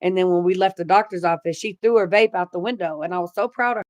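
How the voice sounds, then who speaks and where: Talking fast in a fairly low voice, this middle-aged livestream host reads viewer comments out loud and chats in a blunt, foul-mouthed way. The audio sounds dull.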